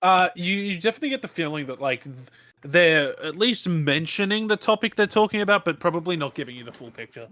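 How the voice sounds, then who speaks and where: Male game master, casual, hesitant, bright, dry close sound. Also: high voice, animated, quick pace, no room sound. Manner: casual, hesitant, many fillers. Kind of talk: narrating a tabletop game.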